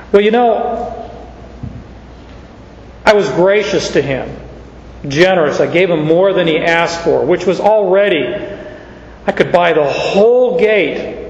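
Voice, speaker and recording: Male preacher, fairly high voice, folksy and conversational; sermon captured in a reverberant hall. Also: muffled recording, slight background noise. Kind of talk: sermon with personal story.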